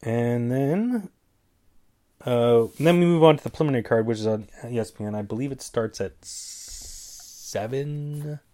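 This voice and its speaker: A man's voice: mid-range voice, measured pace, dark tone. A man with a stuffy nose hosting a casual solo show, rambling through picks with jokey asides and stumbling over names. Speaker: podcast host giving fight picks.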